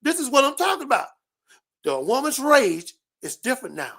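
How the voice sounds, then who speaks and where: A man hosting a show, giving a loud, profane comedic rant full of repeated catchphrases. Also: very high voice, sing-song, moderate pace. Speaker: show host.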